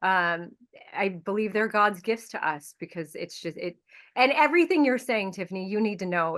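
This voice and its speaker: A woman's voice: medium pitch, a bit bright. Teary, emotional woman guest. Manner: apologetic and open, with halting restarts. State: emotional, close to tears. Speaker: podcast host appearing as a guest. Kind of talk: candid interview answers.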